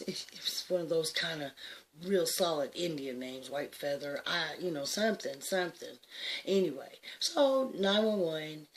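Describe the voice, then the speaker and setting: Emphatic low-voiced woman telling a story. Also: a little hiss or hum. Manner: emphatic, laughs often, swings from hushed to loud. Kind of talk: animated personal storytelling.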